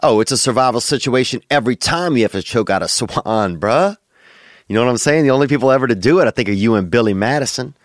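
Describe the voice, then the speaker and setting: A man's voice: medium pitch, expressive, quick pace, no room sound, clean studio sound. A young man hosting a podcast in a drawling, slangy, joking manner. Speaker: podcast host. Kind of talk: casual comedic chat.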